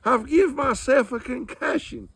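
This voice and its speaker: A man putting on a shrill, fussy mama. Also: measured pace, gravelly, a bit bright, husky, no room sound, heavily acted. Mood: aggrieved. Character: stubborn, impatient, fussy older Southern mama.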